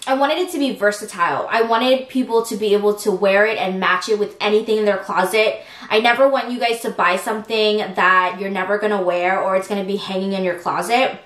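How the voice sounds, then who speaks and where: A young woman hosting an eating show, chatting excitedly with viewers between bites. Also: a little high, roomy sound. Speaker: mukbang host. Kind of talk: casual eating-show chat.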